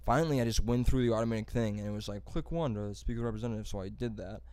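Fast, profane man telling a story. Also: on the low side, darkish tone, smooth, no room sound. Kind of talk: casual storytelling among friends.

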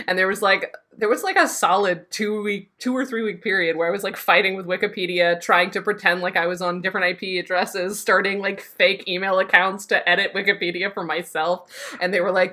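A woman co-hosting a podcast in casual chat, animated and joking, often laughing. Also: medium pitch, fairly quick. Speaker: podcast co-host.

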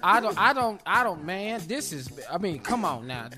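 A man's voice: high-pitched, moderate pace. A man co-hosting a radio show, telling comic stories and acting out dialogue. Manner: animated joking storyteller, acts out dialogue. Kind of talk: comedic radio banter. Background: music bed.

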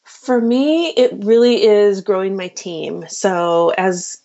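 A woman's voice: medium pitch, takes it slowly, dark tone. A woman physician answering interview questions in an earnest, casual way, with many fillers and restarts. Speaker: physician and podcast host, guest. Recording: dull lo-fi sound.

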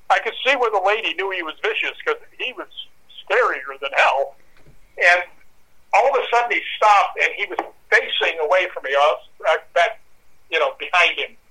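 A man's voice: high-pitched, low-quality recording. A man telling a dramatic personal anecdote in an interview, acting out voices and growls as he goes. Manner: lively, acts out voices and dog growls. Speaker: guest storyteller.

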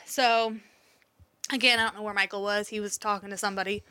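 A woman's voice: medium pitch, fairly even intonation, a little fast, pushed and bright, smooth. A woman in her thirties, a mother, candidly telling a story in casual chat, swearing now and then and laughing along the way.

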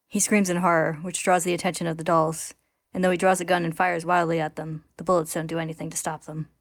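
A woman with a fairly low voice recaps a story chapter for her podcast, delivering the plot with dry sarcasm. The sound is close and dead, with no room echo. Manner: wry, sarcastic storytelling with frequent laughs. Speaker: podcast host recapping a manga. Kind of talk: casual recap narration.

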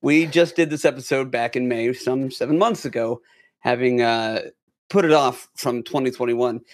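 A man's voice: medium pitch, normal speed. A man hosting a casual gaming podcast, introducing his friends with playful jokes. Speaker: podcast host. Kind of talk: casual chat.

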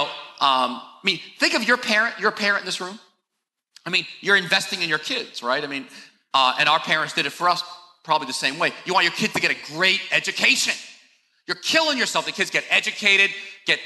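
A man's voice: high-pitched, pushed and bright. An older man and pastor preaching a conversational, confessional sermon, often saying "you know" and poking fun at himself. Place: large church hall. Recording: echoey church hall.

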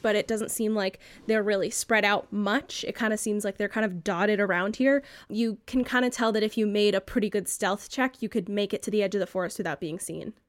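A woman running a tabletop game, narrating scenes in a relaxed, descriptive way. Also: mid-range voice, no room sound, studio quality. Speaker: game master.

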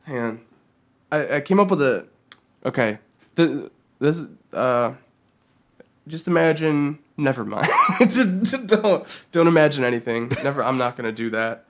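A man co-hosting a podcast, chatting in a playful, self-mocking way and jumping around in pitch as he jokes. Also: animated, measured pace. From Russia. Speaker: podcast co-host. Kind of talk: casual comedic chat.

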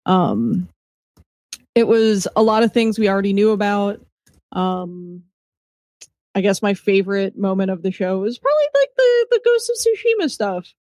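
A woman's voice: mid-range voice, big pitch swings, normal speed, darkish tone, no room sound, clean studio sound. A woman co-hosting a casual podcast, speaking frankly and sarcastically with hedging fillers. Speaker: podcast co-host.

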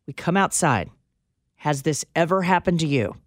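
A woman co-hosting a radio talk show, telling an anecdote in a dramatic, animated storytelling manner on a studio mic. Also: deep voice, normal speed, no room sound. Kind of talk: casual chat storytelling.

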